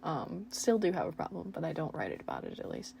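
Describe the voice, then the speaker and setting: Young woman with a gravelly, low voice. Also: wildly swooping pitch, quick pace, a little mellow, a little hiss or hum. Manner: self-mocking, laughs at her own writing. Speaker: storyteller reading her old fan fiction. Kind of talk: casual reading aloud with chatty asides.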